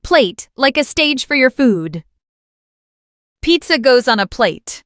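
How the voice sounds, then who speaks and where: A woman leads a beginner English lesson in a raised, slightly high voice. She speaks very slowly and clearly, repeating each word for listeners to copy. The sound is dry and close, with no room echo. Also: big pitch swings, fairly bright tone. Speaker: English teacher.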